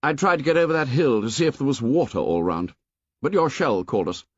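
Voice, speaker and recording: A man reading an audiobook and voicing a bossy, confident boy leader in a brisk, commanding way. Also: medium pitch, expressive, no room sound, highs cut off, voice pushed up, close to an everyday voice.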